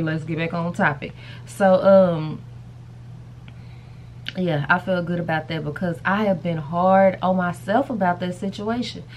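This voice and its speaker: A woman's voice: fairly low pitch, fairly even intonation, measured pace, long pauses, slight background noise. A woman chatting casually to camera in a rambling vlog, calling her viewers y'all and baby. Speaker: vlogger.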